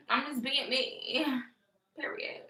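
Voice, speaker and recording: A young woman speaking rants on a casual livestream, sassy and mocking with frequent laughter. Her voice sits high and sounds bright and sharp. The room around her is echoey. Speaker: vlogger.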